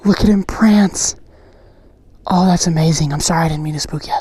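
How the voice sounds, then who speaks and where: A young man riding a motorcycle and chatting excitedly to his viewers and to the animals he passes. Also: on the high side, normal speed, breathy edge, dry recording. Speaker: motovlogger. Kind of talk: casual riding commentary. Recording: loud engine and wind noise.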